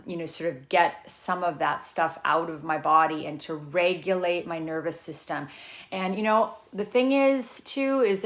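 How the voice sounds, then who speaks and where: A woman's voice: lowish voice, a bit bright. A middle-aged woman coach talking casually to camera, earnest and rambling, full of fillers and restarts. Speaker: trauma recovery coach.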